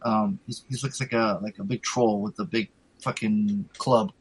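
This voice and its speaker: A man's voice: fairly low pitch, fairly even intonation, normal speed, breathy edge, no echo, poor audio. A man telling a rambling, profanity-laced story in casual chat, full of fillers.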